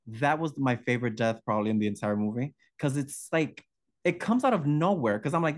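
A man's voice: medium pitch, expressive, fairly quick. A male podcast co-host chatting about horror films, effusive and gushing, often breaking off mid-sentence.

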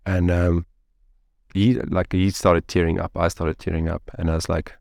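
A man in his thirties recounts a story as an interview guest, filling his sentences with "like" and "you know". His voice sits low with a gravelly edge, and the sound is dry and close. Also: normal speed, no room sound. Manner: animated, rambling with many fillers like "like" and "you know".

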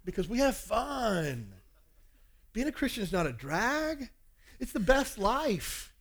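A man's voice: sits high, sing-song, slow, fairly bright tone. A man in his forties preaching a sermon on parenting, telling a personal story and acting out family dialogue. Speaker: pastor.

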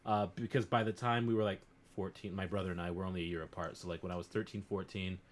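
A man's voice: low-pitched, fairly even intonation, fast. A young man co-hosting a casual podcast, joking and loose. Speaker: podcast co-host. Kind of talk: casual chat.

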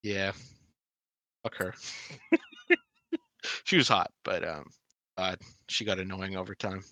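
A man co-hosting a podcast, answering quiz questions in casual chat, blunt and quick to swear and laugh. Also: deep voice, lively intonation, pushed and bright, no room sound. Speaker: podcast co-host.

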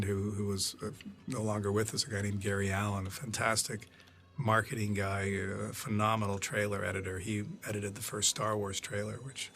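A man's voice: fairly low pitch, fairly bright tone. An older man, a film producer, telling rambling behind-the-scenes stories on a commentary track, often restarting and quoting people. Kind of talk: DVD commentary storytelling.

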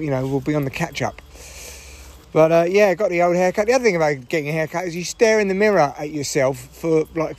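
A middle-aged man with a hoarse voice, chatting in a rambling, irritable way and swearing freely on a solo podcast recorded in a parked car. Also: a little high. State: hoarse from shouting. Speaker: podcast host.

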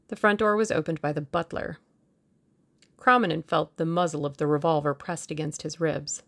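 Low gravelly woman reading a novel. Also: normal speed. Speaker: audiobook narrator. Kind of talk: audiobook narration.

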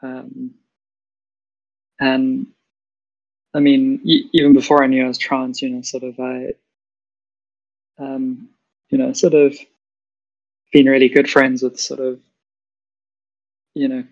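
South African woman, gravelly edge, hesitant casual chat, dull dry call audio. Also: extremely low pitch, level tone, takes it slowly, pauses often, a little mellow. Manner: hesitant, many fillers and restarts. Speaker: guest. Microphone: video call.

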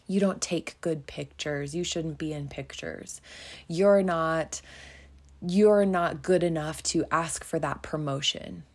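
Woman podcast host, slow calm self-help talk, gravelly lowish voice, goes whispery sometimes. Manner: slow, soothing and encouraging, dropping to a whisper at times.

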